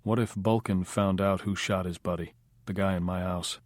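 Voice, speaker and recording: A man's voice: sits low, fairly even intonation, moderate pace, no echo, lightly acted. A man doing a cool, dry-talking tough guy. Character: cool, unflappable male Hollywood operator.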